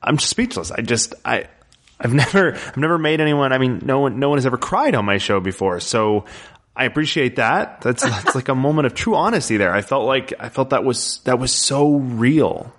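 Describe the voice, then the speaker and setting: A man hosts a podcast in a mid-pitched voice, tripping over his words and repeating himself. He laughs easily and keeps the tone casual. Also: lively intonation, normal speed, fairly bright tone. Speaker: podcast host. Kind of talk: conversational interview.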